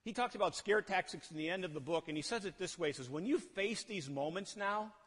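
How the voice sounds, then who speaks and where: A male pastor preaching a sermon, lively and animated, often asking the congregation questions and acting out the people he quotes. His voice sits a little high for a man. It rings out with a long reverb in a church hall. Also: brisk, breathy edge. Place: church sanctuary.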